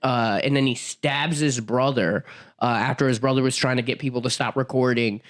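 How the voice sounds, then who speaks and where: A man's voice: medium pitch, steady tone, normal speed. A young adult man co-hosting a horror podcast, rambling through a film recap with lots of fillers and swearing. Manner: rambling, filler-heavy, laughs often. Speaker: podcast co-host. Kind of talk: casual chat.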